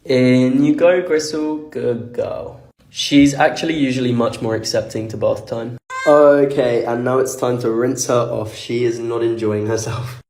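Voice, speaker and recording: A man talking in a casual, excitable vlog style, filming himself on a phone at home and out at a farm. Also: measured pace. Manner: chatty and excitable, coos high at animals. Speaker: vlogger.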